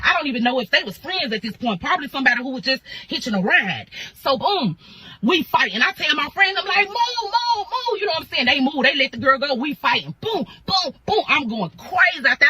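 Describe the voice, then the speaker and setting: A woman with a bright, high-pitched, forceful voice tells a dramatic storytime, her talk slangy, punchy and packed with sound effects. She is a storytime creator doing an animated storytime, and the audio quality is poor.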